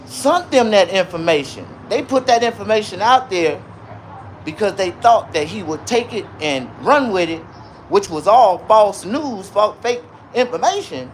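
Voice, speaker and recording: A man rambling on a livestream about tattoos, his shirt and a rap feud, out of breath, with loud bursts and mumbled asides. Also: high voice, normal speed, a little hiss or hum. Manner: rambling and animated, swinging between loud outbursts and mumbling. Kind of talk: casual livestream rant.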